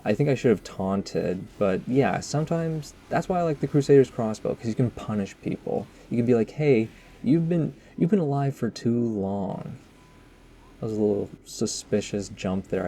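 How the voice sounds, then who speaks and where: A man talks through his own match in loose, rambling post-game commentary, full of self-mocking jokes and asides to his viewers. His voice sits fairly low with a mellow, dark tone, and a faint hiss lies underneath. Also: vocal fry. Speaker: gaming commentator.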